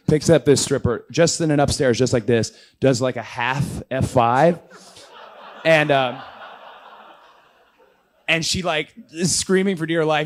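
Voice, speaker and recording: A man's voice: medium pitch, normal speed. A man in his thirties, an interview guest telling a casual story, acting out quotes in raised voices. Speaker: interview guest, pro wrestler.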